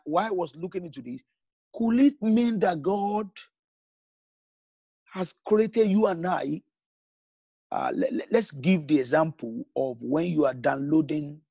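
A man preaching a sermon as pastor, emphatic, with big swings in pitch and pace and halting restarts when explaining. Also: gravelly, darkish tone, breathy edge, dry recording.

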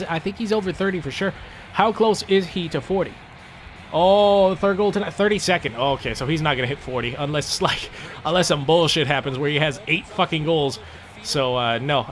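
A young man casually commentating his own gameplay, swearing a lot and jumping from low mutters to loud outbursts. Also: slight background noise. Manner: excitable, swears often, swings from mumbling to yelling. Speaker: gaming commentator.

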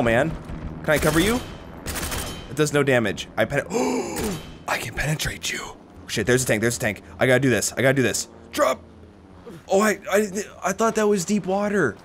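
A young man giving live commentary over his own gameplay, sarcastic and swearing, with sudden high-pitched bursts of panic. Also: a little hiss or hum. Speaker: gaming commentator.

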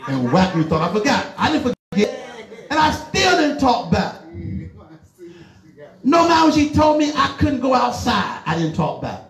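A high-voiced middle-aged man preaching with a drawl, urging his listeners on and then dropping low. His voice rings around a roomy church hall, with plenty of echo. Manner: animated, emphatic, lively swings between loud urging and low asides. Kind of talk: sermon.

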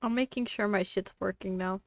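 A woman's voice: medium pitch, steady tone, brisk, no room sound. A young woman streamer chatting casually to viewers, exasperated and swearing at her technical trouble. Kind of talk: casual live-stream chat.

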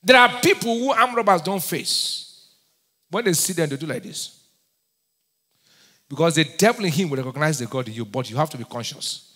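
A man with a Nigerian accent preaching a sermon, firing call-and-response questions at his congregation and breaking into sudden shouts. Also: fairly high pitch, animated, moderate pace, pauses often, husky, big-room sound. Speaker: pastor.

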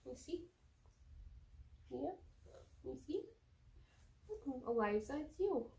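A woman librarian reading a picture book aloud slowly and coaxing her pets in a gentle voice. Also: sits high, lively intonation, vocal fry. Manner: slow, drawn-out reading of the story lines. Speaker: children's librarian.

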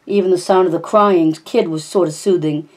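Brief: woman audiobook reader, low warm voice, plain steady reading. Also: normal speed. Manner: steady, plain narration with small slips. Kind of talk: reading a novel aloud.

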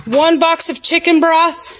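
A woman's voice: very high-pitched, steady tone, measured pace, fairly bright tone, slight background noise, poor audio. A woman vlogging a casual grocery haul at home, chatting as she lists each item one after another. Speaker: mom vlogger.

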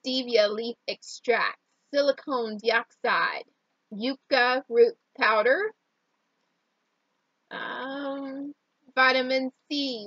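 A woman's voice: a little high, pushed and bright, husky, no echo, highs cut off. A woman with a Southern country accent reading out a shake's ingredient list, stumbling over long words and laughing at herself. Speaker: co-host reading an ingredient label. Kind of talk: casual chat.

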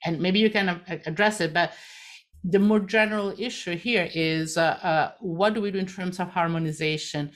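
Woman panel moderator, low-set voice, halting and filler-heavy, webinar tone. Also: fairly even intonation, a bit bright. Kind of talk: live webinar discussion.

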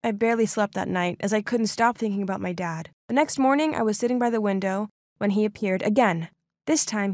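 High-voiced woman narrating a dramatic story. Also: dry recording, clean studio sound. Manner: dramatic, exclaiming. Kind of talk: first-person story narration.

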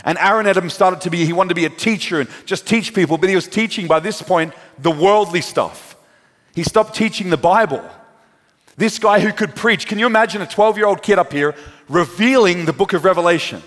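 Man, pastor, dramatic sermon storytelling, slightly high voice, long church-hall reverb. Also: fairly quick, fairly bright tone. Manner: dramatic storyteller, acts out the people in his story.

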